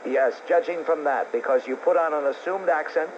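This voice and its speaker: Indignant guy hosting call-in radio, slightly higher voice, lo-fi and hissy. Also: moderate pace. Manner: combative, indignant. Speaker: talk radio host. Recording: dull lo-fi radio tape with hiss.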